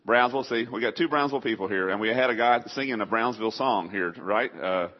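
Lowish-voiced preacher with a faint Texas drawl. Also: male voice, quick pace. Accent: faint East Texas Southern. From southeast Texas. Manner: folksy, chatty, asks the congregation questions. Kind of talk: sermon. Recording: dull lo-fi sound.

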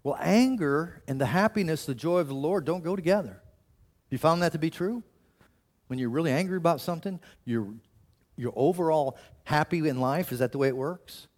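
A man delivers a sermon in a loose, conversational way, his voice sitting slightly high for a man. He often stumbles and restarts mid-sentence, then slips into short acted-out quotes to make his point. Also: fairly quick, darkish tone. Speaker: pastor.

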